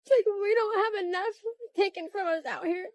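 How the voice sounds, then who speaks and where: A woman's voice: extremely high pitch, moderate pace, no echo. A sick woman living in an RV, talking upset with her voice breaking into tears and coughing. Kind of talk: street interview.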